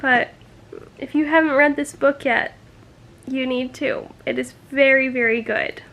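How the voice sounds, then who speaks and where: High-voiced slow-talking young woman vlogger. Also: steady tone, vocal fry, fairly bright tone. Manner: emotional, sighs often, many fillers. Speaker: book vlogger. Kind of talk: casual reading vlog reactions.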